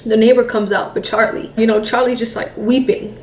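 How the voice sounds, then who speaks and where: Slightly high with little pitch movement, a woman haltingly recounts losing a family member, using "like" constantly and re-enacting her relatives' words. The recording picks her up from a distance in an echoey room with faint hiss.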